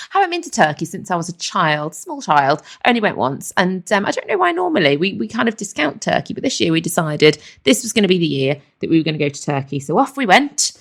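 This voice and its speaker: A woman's voice: lowish voice, fairly bright tone. Chatty sweary woman podcaster. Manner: chatty, swears freely, laughs often. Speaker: podcast host. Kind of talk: casual comedic chat.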